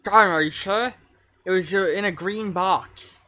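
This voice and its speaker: A man's voice: high-pitched, measured pace, pushed and bright. A man voicing a bubbly, upbeat, happy-go-lucky teen girl with a lisp while reading comic dialogue aloud.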